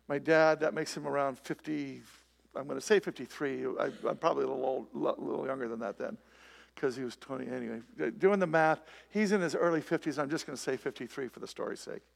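A man's voice: a little high, vocal fry. A man preaching a sermon to a live congregation, talking conversationally and asking many rhetorical questions. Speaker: pastor. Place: church, before a live congregation.

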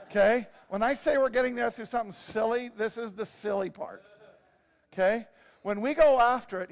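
A man delivers a sermon with a high, gravelly voice, animated and joking as he talks to his congregation. His voice rings out with long reverb in a large church hall. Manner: animated, joking, conversational preaching. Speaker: pastor.

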